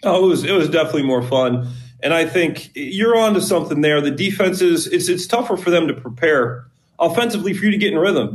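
A man, a former player, giving casual sports-betting analysis with lively storytelling. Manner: animated storytelling, pitch jumps when emphasizing.

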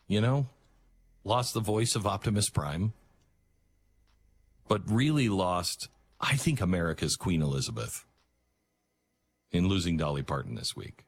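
Male talk host, low husky voice, earnest and emphatic, swings his pitch a lot. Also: lively intonation. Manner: earnest and emphatic, halting restarts. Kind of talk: talk radio monologue.

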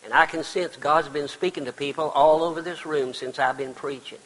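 An older man preaching a sermon as pastor, swinging between loud cries and hushed, quiet passages. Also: a little high, fairly even intonation, brisk. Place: church sanctuary. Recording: long reverb of a large hall.

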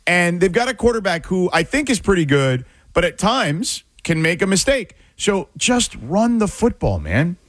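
Animated, lively-voiced man pushing back. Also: high voice, normal speed, hardly any pauses, dry recording. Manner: animated, pushes back, stammering restarts. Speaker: sports talk co-host. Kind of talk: casual sports debate.

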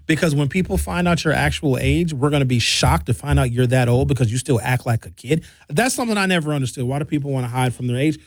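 Man, 50s, casual monologue, blunt, profane, animated storytelling, dry close sound. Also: medium pitch, fast talker, few pauses, dry recording. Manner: animated storytelling with acted-out quotes. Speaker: commentator.

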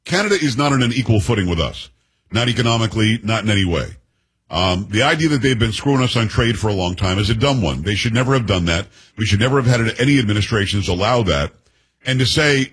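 A man's voice: lowish voice, animated, quick pace, a bit bright, breathy edge, rough recording. A man from the United States hosting a talk show, giving casual political commentary in a chatty way, with restarts and sarcastic asides.

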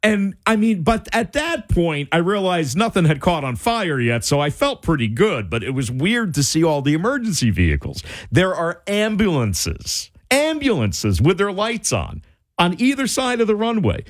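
A man telling a personal story in a casual, animated way, full of "like" and restarts. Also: sits high, moderate pace, dry recording, clean studio sound. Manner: animated, wide-ranging delivery, lots of "like" and restarts.

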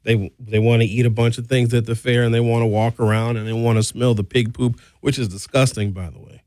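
A man, hosting a talk show and delivering an opinionated, animated monologue with blunt, sarcastic asides. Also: mid-range voice, brisk, no room sound, studio quality. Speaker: radio talk show host.

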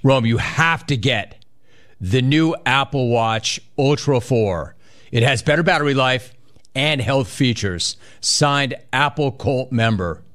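A male sports radio host with an ordinary mid-range voice. He talks in a casual, animated way, mocking and riffing on listener emails. He leans on repeated phrases for comic emphasis. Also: medium pitch, takes it slowly.

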